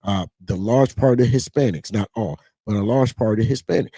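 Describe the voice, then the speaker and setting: A man talking in a casual, rambling political commentary, animated and mocking. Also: fairly low pitch, moderate pace, husky, dry recording. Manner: animated, rambling, mocks others in put-on voices.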